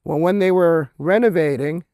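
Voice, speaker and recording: This is a Canadian author in middle age, pitched on the high side, telling a laid-back story at a convention at a moderate pace. His tone is dark, the recording dry, and he keeps asking "right?" and laughing at his own anecdote.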